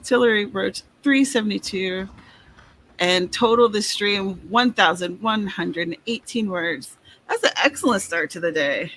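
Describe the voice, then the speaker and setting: A woman's voice: medium pitch, a little slow, fairly bright tone. Chatty woman hosting a writing stream. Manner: chatty, laughs often, reads writers' updates aloud. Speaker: host, author. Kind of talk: casual livestream chat. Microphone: video call.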